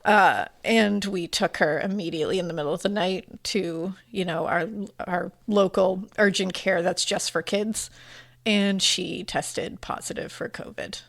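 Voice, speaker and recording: A woman's voice: on the low side, steady tone, unhurried. A woman co-hosting a podcast, telling a personal story in casual chat, rambling and emotional with lots of fillers. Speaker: podcast co-host.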